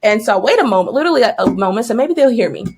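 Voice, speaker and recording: A young woman teacher co-hosting a podcast, telling a story in casual chat and acting out her own yelling and thoughts. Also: on the high side, sing-song, rapid-fire, a little hiss or hum. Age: young adult.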